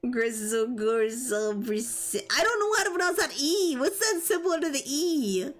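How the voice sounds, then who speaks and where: A woman's voice: high voice, a bit bright. A young woman streaming live, chatting casually and giggling as she reads chat and stumbles over tricky words.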